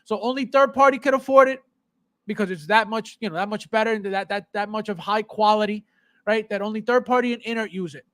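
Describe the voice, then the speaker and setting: A man's voice: high voice, a little fast, fairly bright tone, no room sound. A man hosting a collector's live show, ranting heatedly and sarcastically at viewers, repeating himself in exasperation. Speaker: podcast host. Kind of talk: live stream chat with viewers.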